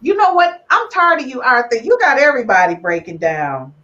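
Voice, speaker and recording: A woman hosts a relationship podcast with a slightly high voice. She teases her guests and gets emotional. The audio is dull and lo-fi, like a live stream. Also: fairly quick. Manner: animated, teasing, emotional. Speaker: podcast host. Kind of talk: lively relationship podcast chat.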